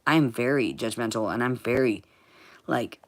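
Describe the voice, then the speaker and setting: A woman vlogging in a rambling, profane monologue, swinging from muttering to shouting. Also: rumbling low, moderate pace.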